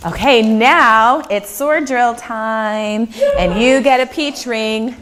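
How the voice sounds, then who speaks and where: Woman, children's church teacher, encouraging, upbeat, higher-pitched voice, church classroom. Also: slow pace, noisy background. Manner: upbeat and encouraging, often checks in with "okay?". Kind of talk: teaching children, leading sung verses.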